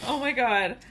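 A woman's voice: a little high, pushed and bright, slight background noise. A woman with children gushing and giggling as she unboxes a gift in a casual vlog. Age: adult with children. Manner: gushing and giggly, often squealing with delight. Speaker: tumbler crafter unboxing a gift.

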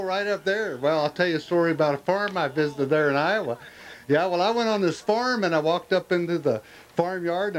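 A man from the western United States spins a folksy joke for a crowd, his voice sitting fairly high. He rambles and trips over repeated words as he goes, and keeps a loose, homespun delivery. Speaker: storyteller. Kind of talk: telling a folksy joke to an audience.

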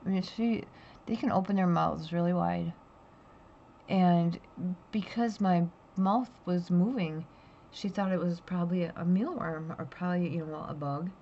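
Middle-aged woman vlogger, lowish voice, outspoken and rambling, dull home mic. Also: a little slow, dark tone, a little hiss or hum. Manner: chatty, blunt, rambling with restarts. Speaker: pet vlogger. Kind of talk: casual storytelling vlog.

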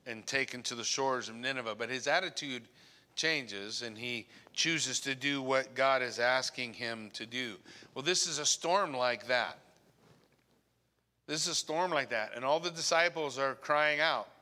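A man preaching a sermon as pastor, earnest, often dropping to a hushed voice on key points. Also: mid-range voice, unhurried. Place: church sanctuary. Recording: long church reverb.

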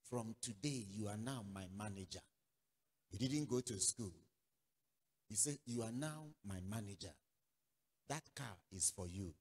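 A man from Nigeria preaching a sermon as pastor, telling a story with acted-out dialogue and sudden loud outbursts. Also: fairly low pitch, unhurried, long pauses, breathy edge. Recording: long reverberant hall.

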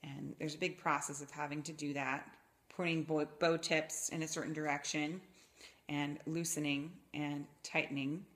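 Low-voiced woman explaining violin basics. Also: little pitch movement, moderate pace, a bit bright. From Gainesville, Florida, USA. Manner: patient, explanatory, demonstrates pitches with her voice. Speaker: violin teacher. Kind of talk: instructional explanation for teachers and parents. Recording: roomy echo, faint violin.

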